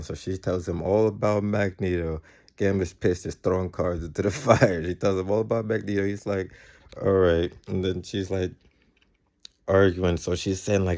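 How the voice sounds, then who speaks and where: Low, mellow-voiced male reviewer; loose, rambling recap that keeps backtracking to fix details. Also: fairly even intonation, normal speed. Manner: rambling, often correcting himself mid-sentence; quotes characters in his plain voice. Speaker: TV episode reviewer. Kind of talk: casual episode recap.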